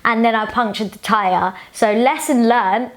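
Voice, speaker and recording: A woman's voice: on the high side, steady tone, a little slow. Chatty woman giving frank advice. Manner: chatty and frank, with sassy asides. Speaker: beauty YouTuber answering viewer questions. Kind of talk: casual Q&A vlog.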